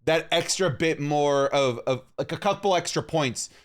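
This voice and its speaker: A man's voice: fairly high pitch, moderate pace. A man from Canada co-hosting a podcast, talking in a playful, jokey way. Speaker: podcast co-host. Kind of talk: casual chat.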